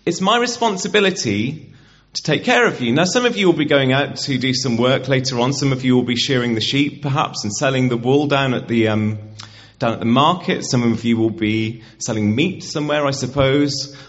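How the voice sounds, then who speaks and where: A man's voice: medium pitch, moderate pace. Man preaching a chatty, interactive sermon. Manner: conversational, gets the congregation to repeat words. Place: church hall. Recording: dull, muffled church recording.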